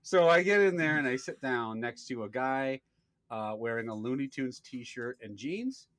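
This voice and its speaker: A man in his thirties tells a story on a casual podcast. He slips into voices for the people he quotes and swears freely. His pitch sits mid-range, and the sound is close and dry with no room echo. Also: expressive, normal speed, fairly bright tone. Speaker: podcast co-host.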